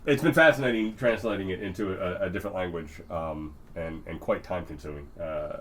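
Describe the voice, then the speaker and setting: A man's voice: deep voice, fairly quick. A man hosting a podcast in casual chat, rambling and swearing, often laughing, with faint noise behind him. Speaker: podcast host.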